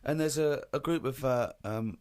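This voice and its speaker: A man's voice: mid-range voice, normal speed, darkish tone, smooth. A man in casual chat, laughing easily and groaning at his co-host's story. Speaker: co-host.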